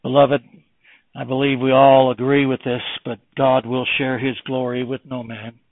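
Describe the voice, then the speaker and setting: A man's voice: medium pitch, flat delivery, normal speed, dry recording. Impassioned male preacher on a tinny line. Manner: impassioned, swinging between loud emphasis and hushed tones. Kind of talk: sermon. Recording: tinny phone-like, dry.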